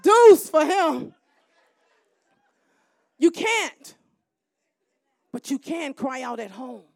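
Woman minister, middle-aged, high and bright, preaching with shouted builds; dry close sound. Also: lively intonation, extremely slow, gravelly, no room sound. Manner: preaching with rising shouts and call-and-response. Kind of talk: sermon.

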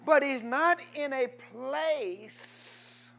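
A man pastor preaching a sermon, quizzing his congregation in call-and-response and swinging from loud exhortation to low asides. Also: very slow, gravelly.

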